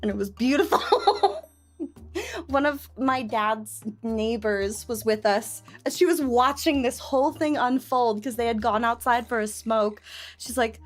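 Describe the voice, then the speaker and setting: Excitable high-voiced woman streamer. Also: a little slow, soft background music. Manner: excitable, gushing storyteller with lots of laughter. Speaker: VTuber streamer. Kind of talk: casual chat stream.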